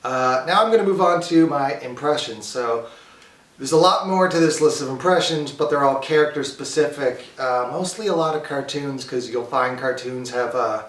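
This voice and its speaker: A man's voice: medium pitch, normal speed, a bit bright. A man casually introducing his impressions, rambling with fillers. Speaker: video host. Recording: echoey room, far from mic.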